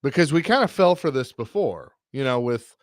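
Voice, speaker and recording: A man's voice: medium pitch, expressive, normal speed, dry recording. Radio sports guy ranting his take, restarts a lot, pretty dry sound. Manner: opinionated, rambling with restarts. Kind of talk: casual sports talk.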